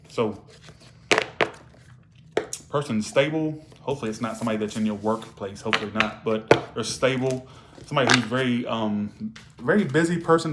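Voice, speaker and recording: A man with a medium-pitched voice reads tarot casually on a live stream, a slight hiss or hum in the background. He's crude and direct, scolding viewers and tacking "all right?" onto his remarks.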